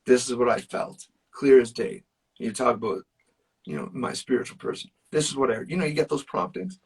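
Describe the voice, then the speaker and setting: A man's voice: medium pitch, wildly swooping pitch, fairly quick, vocal fry, breathy edge, distant mic. A man, a musician guest, telling personal stories in casual chat, earnest and emphatic, with plenty of fillers. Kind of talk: casual storytelling.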